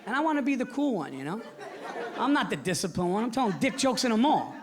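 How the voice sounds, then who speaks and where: A man in his forties performing a stand-up set, telling stories animatedly and shouting his punchlines. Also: very high voice, fast, very noisy. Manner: animated storytelling, shouting punchlines, acting out characters. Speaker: stand-up comedian. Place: theater stage before a live audience. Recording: live show with loud crowd laughter.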